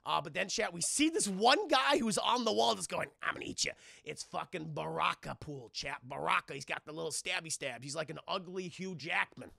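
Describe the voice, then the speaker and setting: A young adult man recapping a film on a live stream in a casual, animated, profane way, talking to his chat. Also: fairly high pitch, normal speed, creaky, few pauses, no echo, clean studio sound.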